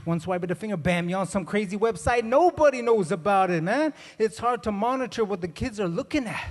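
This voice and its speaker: Man, middle-aged, stand-up comic, animated storyteller, slightly high voice, long hall reverb. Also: fairly quick. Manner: animated storytelling, acts out both sides of dialogues. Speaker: comedian. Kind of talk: stand-up comedy. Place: conference hall.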